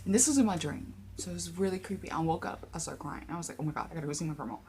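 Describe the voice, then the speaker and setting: A young woman vlogger telling a personal story, emotional and halting, close to tears, with many fillers and restarts. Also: low voice, a little mellow, a little hiss or hum. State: tearful, near crying. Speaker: paranormal vlogger.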